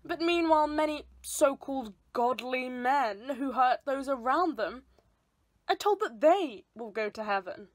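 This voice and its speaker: A defiant young woman condemned to the stake speaks with measured scorn, as a student actress plays her. Her voice sits fairly high and moves slowly, each line placed with care. It is recorded dry and close, with no room around it. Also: lively intonation, no echo. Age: young adult. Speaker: student actor. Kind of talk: theatre monologue performed online.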